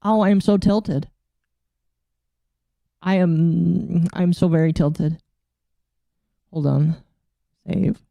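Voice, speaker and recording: A woman streaming live in easy, casual chat with her audience, her voice mellow and low-key in tone. She sounds flustered and exasperated, muttering to herself as she works through technical settings. The sound is close and dry, with no room around it. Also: fairly even intonation, very slow, creaky, pauses often, no echo. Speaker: VTuber streamer.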